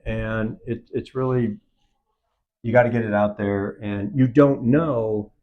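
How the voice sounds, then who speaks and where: A man's voice: fairly low pitch, steady tone, slow pace, lo-fi sound. A man, a film producer, talking in an on-set interview and acting out quoted dialogue as he tells his story. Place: event set.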